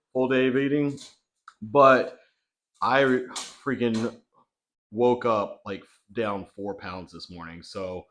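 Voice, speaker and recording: A man's voice: on the low side, a bit bright. A young man chatting casually in a vlog, talking loosely with lots of fillers from his home kitchen. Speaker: bodybuilding vlogger.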